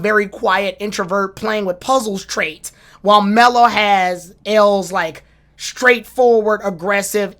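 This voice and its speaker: A woman hosting a casual streamed conversation. She talks at a medium pitch and lays out long, analytical comparisons in an easygoing way. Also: a bit bright. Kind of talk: casual chat.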